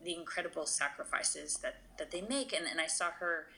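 A woman's voice: deep voice, brisk, bright, forceful tone, poor audio. A woman guest on a podcast, talking earnestly and emotionally, with lots of fillers and restarts. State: tearful. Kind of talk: conversational interview.

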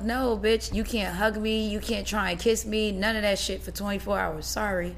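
A woman's voice: medium pitch, moderate pace, a little hiss or hum. A woman, a guest on a chat show, telling a story in casual talk and acting out what people said. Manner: animated storytelling with quoted dialogue.

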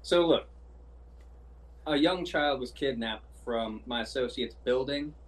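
A man's voice: medium pitch, unhurried, natural voice. A man voicing a courteous, wordy adventurer who talks in formal, flowery phrases, heard from a distant mic. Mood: smooth.

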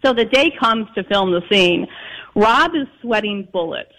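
A man from Chicago, a guest author in an interview, telling lively anecdotes with plenty of fillers. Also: sits high, measured pace, vocal fry, low-quality recording. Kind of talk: storytelling interview.

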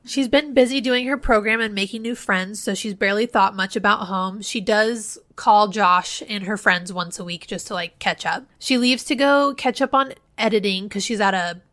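A woman co-hosting a podcast, retelling a novel's plot in animated, casual chat with plenty of swearing. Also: mid-range voice, normal speed, hardly any pauses. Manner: animated storytelling, salty language. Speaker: podcast co-host. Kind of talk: casual book-recap chat.

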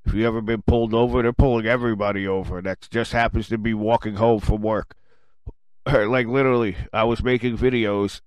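Male radio host, profane angry rant, sarcastic, smooth clear voice, dry close sound. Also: fairly low pitch, steady tone, brisk, dry recording. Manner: swings from muttering to shouting.

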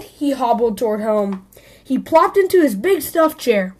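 High-voiced woman reading a kids' story. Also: animated, moderate pace, a little mellow. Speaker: children's story podcast host. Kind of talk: reading a picture book aloud.

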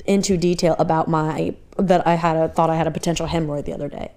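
A woman's voice: low voice, steady tone, fast talker, a crowd in the background. Teasing, candid young woman podcaster. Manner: teasing, candid, laughs often. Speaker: podcast co-host. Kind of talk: casual chat.

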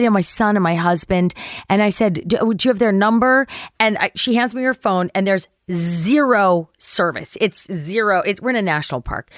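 Animated middle-aged woman telling a story. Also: no echo, studio quality. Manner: animated, acts out quotes with big pitch jumps, swears. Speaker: actress guest. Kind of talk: lively anecdote telling.

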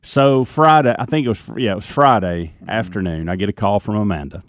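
A man's voice: on the low side, brisk, dry recording. Radio guy telling a story, keeps restarting himself, super dry studio sound. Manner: hesitant storytelling with many restarts. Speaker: radio show host. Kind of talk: casual morning radio chat.

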